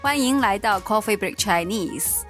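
A woman co-hosting a language lesson in a calm, measured way. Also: mid-range voice, faint music behind. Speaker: language course co-host.

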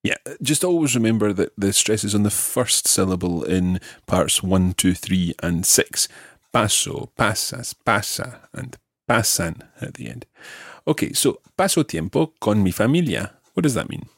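In a clean, echo-free studio recording, an animated man with a husky voice on the low side runs Spanish lesson drills. He works patiently, slowly modelling verb forms and word stress so the learner can repeat after him.

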